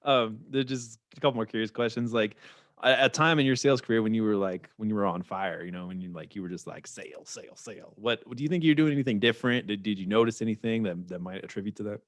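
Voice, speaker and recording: A man hosting an interview, asking questions in a halting way and repeating words. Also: on the low side, no room sound, clean studio sound. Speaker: podcast host.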